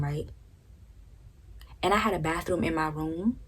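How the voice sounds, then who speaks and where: A young woman with a low, dark-pitched voice tells a personal story in a casual, blunt way. She swears freely and keeps checking in with the listener. A faint background hum sits under her voice. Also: measured pace, pauses often. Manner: frank, profane, repeats "right?" often. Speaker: storytime vlogger.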